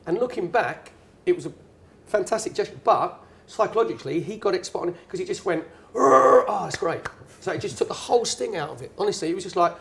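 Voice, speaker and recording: A high-pitched, fast voice with hardly any pauses comes from a middle-aged English guest speaker, a former footballer and pundit. On stage in a networking event bar, he tells a long, chatty anecdote and animatedly acts out the quotes.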